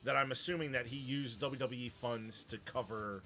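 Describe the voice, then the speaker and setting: A man's voice: mid-range voice, normal speed, bright, forceful tone, faint music behind. A man hosting a wrestling show, chatting casually about the news and giving his opinions, with a rambling manner and many fillers.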